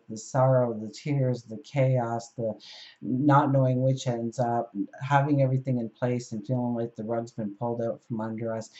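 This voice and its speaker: A woman giving a spoken tarot reading, telling a parable and gently encouraging her listeners. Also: a bass voice, highs cut off. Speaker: tarot reader.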